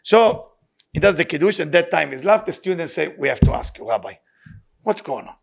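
A man giving an impassioned sermon and telling a story, repeating his key words and speaking loose, halting English. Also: fairly high pitch, very animated, creaky. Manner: loose, halting non-native English grammar. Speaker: rabbi giving weekly inspiration.

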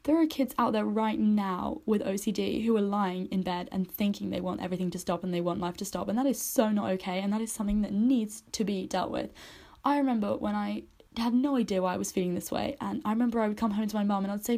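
A woman's voice: medium pitch, fast talker, warm tone. A woman in her twenties hosting a personal podcast, speaking candidly and emotionally, at times choked up. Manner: candid, emotional, speaks in run-on spoken sentences with many likes. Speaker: podcast host.

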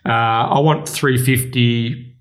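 Aussie podcast host, mid-pitch voice, steady, reads out race fields. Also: male voice, slow pace. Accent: Australian. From Western Australia. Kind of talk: casual podcast chat, race previews.

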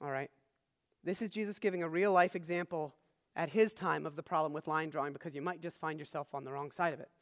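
A man's voice: on the high side, fairly even intonation, quick pace. A man preaching a sermon as pastor, teaching earnestly and checking in with the listeners. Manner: earnest teaching, frequent "all right?" check-ins. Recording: long hall reverb.

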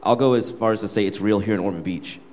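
Speaking fast, with a low-leaning and somewhat mellow voice, a young worship leader opens up to his church gathering about something personal. The setting is a church hall, and the audio echoes with the hall's reverb.

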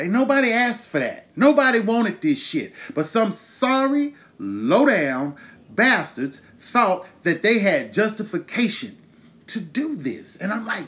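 A man's voice: high-pitched, big pitch swings, unhurried, a bit bright. A man in his thirties hosting his own show, ranting with angry, profane emphasis and pointed rhetorical questions. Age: 30s. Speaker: podcast host. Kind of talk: impassioned monologue.

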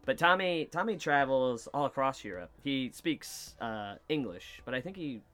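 A man's voice: mid-range voice, lively intonation, moderate pace, fairly bright tone. Young man, casual rambling podcast host. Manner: loose, swears freely, trails off with fillers. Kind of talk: casual chat. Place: basement painting studio.

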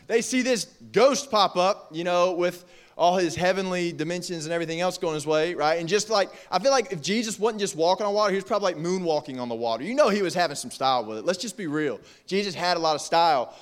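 A young man preaching a casual youth sermon in an animated, jokey, conversational way. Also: high voice, a little fast. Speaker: youth pastor.

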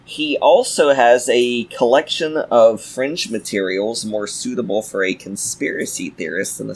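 A man running a tabletop game as game master, narrating the scene with frequent pauses. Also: lowish voice, breathy edge.

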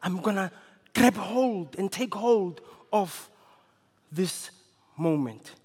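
A man's voice: high-pitched, lively intonation, slow, a little mellow, breathy edge, pitched below the performer's own voice, full character voice. A man preaching, voicing a desperate blind beggar who is set on seizing his chance, speaking earnestly and drawn out. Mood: determined. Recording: long reverb of a large hall.

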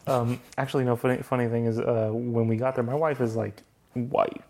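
A man's voice: mid-range voice, fairly even intonation, a little fast, a little mellow. A young married man hosting a podcast, telling stories in casual chat, laughing often and swearing freely. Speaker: podcast host.

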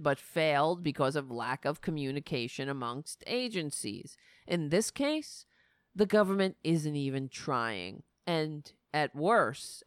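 A woman's voice: low-pitched, clean tone, no echo, studio quality. A woman hosting a political talk show, ranting with sarcastic, indignant anger and frequent swearing. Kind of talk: angry political commentary.

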